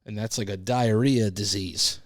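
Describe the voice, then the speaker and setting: A man's voice: fairly low pitch, steady tone, unhurried, dry recording, clean studio sound. A man hosting a podcast, telling a casual rambling story and cursing freely. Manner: rambling, swears freely, laid-back storytelling. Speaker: podcast host. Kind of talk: casual monologue.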